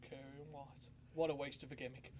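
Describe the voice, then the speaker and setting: A man's voice: medium pitch, little pitch movement, fairly quick, darkish tone. A man co-hosting a wrestling podcast, laughing as he retells stories. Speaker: podcast co-host. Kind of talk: casual wrestling chat.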